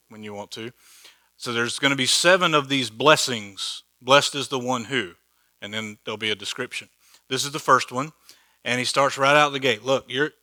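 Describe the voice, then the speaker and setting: Bright-voiced man teaching Bible study. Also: mid-range voice, no room sound. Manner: conversational, joking, rhetorical questions. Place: church hall.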